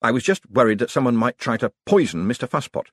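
A man voicing a quick-witted young male trickster with a breezy, curious manner. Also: mid-range voice, very animated, breathy edge, no room sound, clean studio sound.

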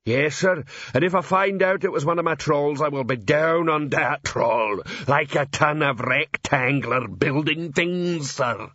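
A man doing a slow-witted troll sergeant. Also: on the high side, pushed and bright, dry recording, highs cut off, voice pushed up. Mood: earnest. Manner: slow, deliberate, ungrammatical.

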